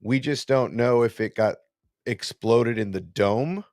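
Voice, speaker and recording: A man's voice: medium pitch, a little slow, a little mellow, no echo. A man co-hosting a casual fan podcast, talking in a rambling, self-correcting, playful way. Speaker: podcast co-host.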